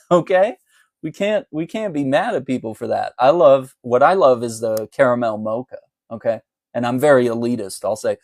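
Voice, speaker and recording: A man's voice: mid-range voice, fairly quick, vocal fry, a little mellow, dry recording. A man doing a casual live chat about politics, talking in a loose, conversational way with frequent laughs. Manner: chatty and conversational, laughs often. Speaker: political commentator.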